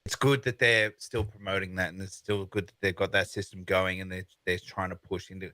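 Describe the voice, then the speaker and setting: A man's voice: deep voice, little pitch movement, fairly quick, bright, forceful tone, dry recording. A man co-hosting a gaming podcast in casual chat, rambling on with lots of "you know" and restarts. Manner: rambling, many fillers and restarts. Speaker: podcast co-host.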